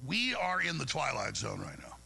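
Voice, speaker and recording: A man's voice: mid-range voice, huge pitch swings, moderate pace, gravelly, bright, forceful tone, slightly rough, poor audio. A man hosting a talk radio show, speaking in a heated, rambling monologue that stumbles over repeated words.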